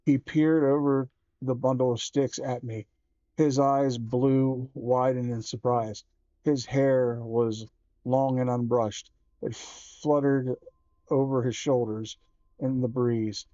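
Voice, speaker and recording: Slow, warm man reading a story aloud. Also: medium pitch, steady tone, dry recording, highs cut off. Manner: slow, measured reading with small self-corrections. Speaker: livestream host reading a book aloud. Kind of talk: reading a children's horror book aloud.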